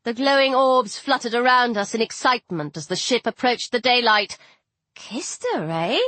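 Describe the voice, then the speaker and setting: Female audiobook reader, higher voice, wry and lively, dry close booth sound. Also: moderate pace, no echo. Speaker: audiobook narrator. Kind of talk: scripted first-person audiobook narration.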